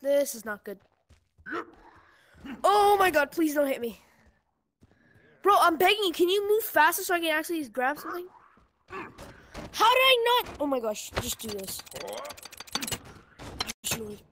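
Excitable young woman gamer, lively. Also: sits high, moderate pace, pauses often, a little hiss or hum. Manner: excitable, yelps and pleads mid-fight. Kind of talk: casual gameplay commentary. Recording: loud game sounds behind voice.

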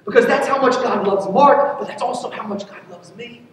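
A man's voice: very high-pitched, fairly quick, hardly any pauses, a bit bright. A man preaching a sermon as a pastor, telling a personal story in an earnest way. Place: church sanctuary. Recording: echoey hall from far off.

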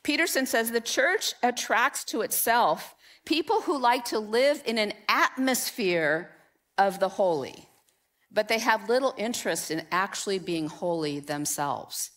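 A woman's voice: medium pitch, a little slow. A woman pastor giving a conversational sermon in a church, telling personal stories and bringing people up to help. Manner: conversational, animated storytelling with audience participation. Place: church sanctuary.

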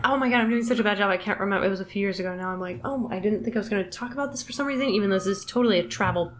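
A woman comedian, a podcast guest, telling a rambling story in animated casual chat full of fillers. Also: mid-range voice, rapid-fire, slight background noise.

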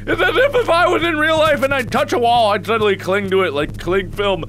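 A man giving excitable, panicky horror game commentary, often yelling and mocking himself as he talks to himself. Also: extremely high pitch, brisk, hardly any pauses, a little hiss or hum. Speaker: let's-play host.

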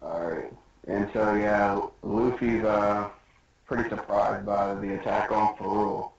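A man's voice: little pitch movement, measured pace. Young man on a roomy lo-fi mic. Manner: acts out character lines in high put-on voices. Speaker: podcast co-host. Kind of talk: casual chat recapping a manga chapter. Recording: distant, roomy, dull lo-fi sound.

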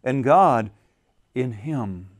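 A male pastor preaching a sermon at a men's retreat, repeating phrases and swinging between soft and loud for emphasis. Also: lively intonation, very slow. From United States. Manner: repeats phrases, rises and falls in pitch and volume for emphasis.

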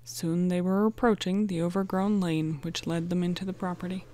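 A woman narrating a storybook in a clear, even way. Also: lowish voice, moderate pace. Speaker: audiobook narrator.

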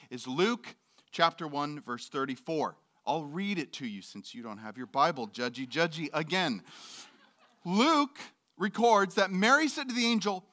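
Middle-aged guy preaching, bright voice, kinda high, jokey and candid. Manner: candid, joking, acts out voices in quotes. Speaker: pastor. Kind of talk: sermon. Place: church.

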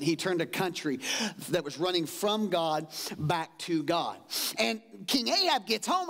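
A middle-aged pastor preaches an energetic sermon in a church sanctuary. He drops to low asides and rises to loud exclamations, acting out quotes in changed voices.

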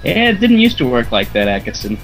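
A man's voice: medium pitch, sing-song, fast talker, fairly bright tone, faint music behind, rough recording. A young man hosting a let's play, rambling in casual gaming commentary and giggling often. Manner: rambling, giggly, lots of fillers.

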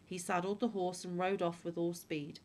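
Low-voiced woman reading fairy tales. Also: little pitch movement, normal speed, darkish tone, slight background noise. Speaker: storyteller. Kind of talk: fairy-tale read-aloud.

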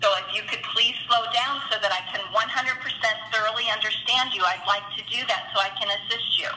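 A woman insurance claims agent on a phone call, speaking slowly and firmly polite. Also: on the high side, steady tone, a little hiss or hum. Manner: slow, measured, firmly polite. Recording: bright, echoey phone line.

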